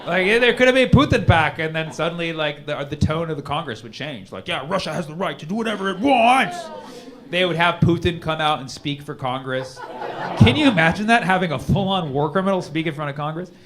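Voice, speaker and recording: A man's voice: on the high side, expressive, brisk, crowd noise. A man doing a stand-up comedy set in a rambling, ironic way, full of "like" and "you know", recorded live on a comedy club stage with audience noise.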